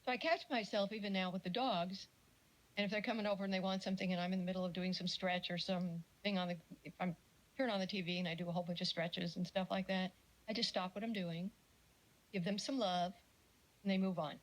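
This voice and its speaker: A middle-aged woman giving a casual lecture on parenting, chatty and animated, with jokey asides and little acted-out quotes. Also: fairly low pitch, quick pace, poor audio. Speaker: speaker giving a talk on parenting.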